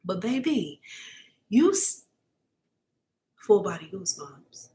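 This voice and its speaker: A woman gives a live-streamed psychic reading to her viewers, speaking casually and emphatically and often checking in with "okay?" Earnest and openly emotional, she is at times near tears. Her mid-range voice is sing-song, slow, and dark in tone.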